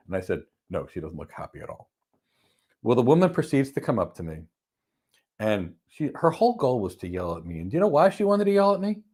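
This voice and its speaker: A man giving a motivational talk on stress, telling stories with emphatic bursts that drop to soft, calm lines. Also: lowish voice. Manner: animated storyteller, swings from loud emphasis to soft calm. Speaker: host. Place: lives in Florida.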